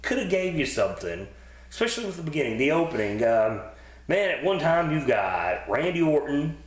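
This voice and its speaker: A man's voice: a little high, big pitch swings, brisk. A man co-hosting a podcast, chatting casually about wrestling episodes in a rambling, profane way with many fillers. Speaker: podcast co-host. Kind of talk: casual wrestling review chat. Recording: roomy echo.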